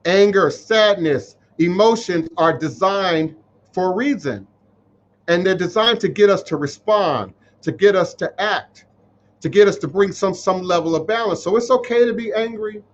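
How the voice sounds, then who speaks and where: A man's voice: sits high, moderate pace. Emotional preachy man on a muffled livestream. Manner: emotional, preachy, repeats phrases for emphasis. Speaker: spiritual teacher hosting a live stream. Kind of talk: live-stream talk reading viewer comments.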